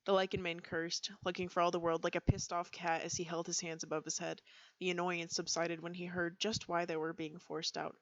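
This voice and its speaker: A woman's voice: lowish voice, flat delivery, a little fast, dry recording, highs cut off. Giggly woman reading stories aloud. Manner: giggly, breaks into laughter. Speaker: streamer reading community roleplay posts. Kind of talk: casual read-aloud storytelling.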